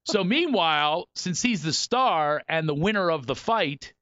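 A man from Philadelphia, a comedian guest, telling comic stories in a casual chat with animated, self-mocking energy. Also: on the high side, a little slow, no echo, highs cut off.

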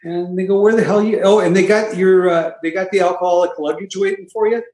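A man's voice: sits high, fairly even intonation, fairly quick, darkish tone. A man casually telling his recovery story, with wry, self-mocking humor and frequent asides. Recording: echoey room.

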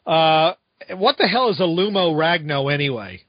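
Co-host: high-voiced man, rambling, sarcastic, dry lo-fi sound. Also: expressive, moderate pace, dry recording. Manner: rambling, sarcastic, lots of fillers. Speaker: podcast co-host. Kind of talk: casual chat. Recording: dull lo-fi sound.

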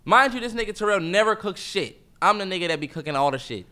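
A young man co-hosting a podcast, talking in casual heated banter, animated and swearing, and mocking impressions of his brother. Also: sits high, fast. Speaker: podcast co-host.

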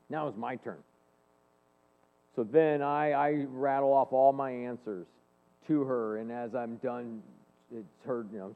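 A man in his forties giving an earnest, animated faith-based talk, telling personal stories to an audience in a large hall. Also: medium pitch. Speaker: speaker and leadership coach. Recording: long hall reverb, phone-like band.

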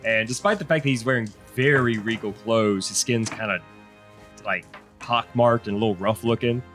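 A man's voice: fairly low pitch, moderate pace, a bit bright, faint music behind. A man narrating as game master in a tabletop game, rambling with many fillers and restarts.

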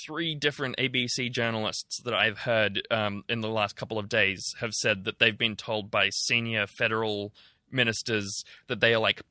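A man's voice: on the low side, bright, forceful tone, no room sound, clean studio sound. A man co-hosting a podcast, talking through the news in a chatty, sarcastic way with many ums. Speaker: podcast co-host. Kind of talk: casual news chat.

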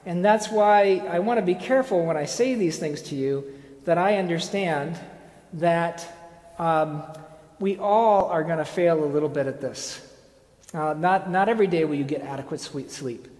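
A lecturer talks through an informal presentation in a relaxed, conversational way, with dry asides, halting restarts and plenty of fillers. The voice sits at an ordinary middle pitch. It rings around a large hall with a long, roomy reverb. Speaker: speaker giving a presentation. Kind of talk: informal lecture with slides and a told parable.

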